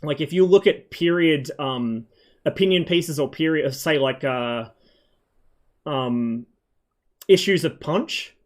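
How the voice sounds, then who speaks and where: A man's voice: on the high side, slow, long pauses. A man streaming a flight game, chatting in a loose, rambling way with frequent swearing and plenty of ums. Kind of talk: casual rambling stream chat.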